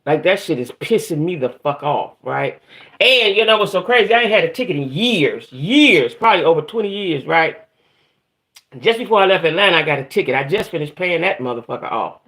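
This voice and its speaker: Middle-aged woman ranting on her livestream, swearing a lot and fed up, shouting out chat folks by name. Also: fairly low pitch, expressive, brisk. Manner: profane, venting, greets chat viewers by name. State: aggravated. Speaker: livestream host. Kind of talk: casual livestream rant.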